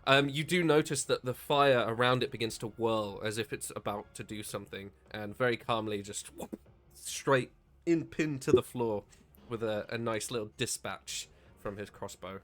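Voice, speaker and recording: A man's voice: medium pitch, moderate pace, a bit bright. A man narrating as dungeon master, hesitant and full of ums, describing the action. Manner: hesitant, many ums, laughs often. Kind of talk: narrating a tabletop game.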